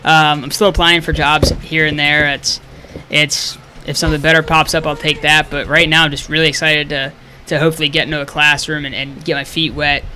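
Young male guest, eager and upbeat, bright, slightly high voice, faint noise. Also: flat delivery, a little fast. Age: young adult. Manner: eager, upbeat, repeats words. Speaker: camp counselor, new teacher. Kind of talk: casual interview chat.

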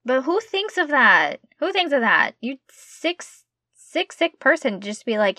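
A woman's voice: high voice, big pitch swings, a little slow, sharp tone, no room sound. Emphatic young woman, dry close sound. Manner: emphatic, outraged, repeats herself. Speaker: podcast co-host. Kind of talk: casual chat.

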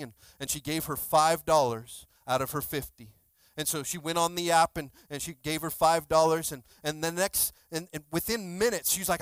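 A male pastor giving a sermon, telling stories in an animated way, acting out quotes and often repeating words. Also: fairly high pitch, moderate pace, no echo. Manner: animated storytelling, acts out quotes; repeats words, many restarts.

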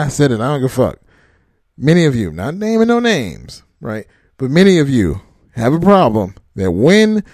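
A trucking vlogger rants casually to camera, a man being blunt and profane with his audience, mocking them and laughing often. His voice is fairly high-pitched and mellow, recorded in studio quality with no echo.

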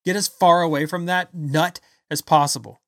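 A man giving an angry, blunt political rant, loud and insulting as he talks. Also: a little high, fairly even intonation, normal speed, no echo, studio quality. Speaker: political commentator. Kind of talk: ranting political commentary.

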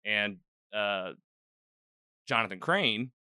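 Male host, casual recap chat; bright, crisp tone, dry studio sound. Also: lowish voice, slow pace, no room sound. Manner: rambling, animated retelling with quoted lines. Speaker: podcast host.

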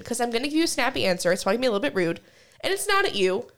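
Blunt, venting young woman, slightly high voice. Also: very animated, rapid-fire, fairly bright tone. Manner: blunt, venting, lots of fillers and swearing. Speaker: podcast co-host. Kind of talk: casual chat.

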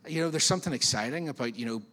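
A man preaching a sermon as pastor, in a chatty, animated way with frequent questions to the congregation. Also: medium pitch, rapid-fire. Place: church auditorium. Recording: long reverb of a church hall.

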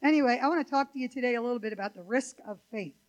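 Racing along in a fairly high voice, the older woman preaching as a guest in a church sanctuary digresses constantly, sprinkling in fillers and asides. The audio quality is poor.

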